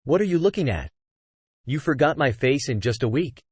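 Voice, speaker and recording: A brash, hot-tempered young woman, curt and quick to swear, firing off blunt questions in a lively, swinging voice, as a synthetic male narrator reads her lines. The sound is dry and close, with no room around it. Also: mid-range voice, slightly rough, dry recording.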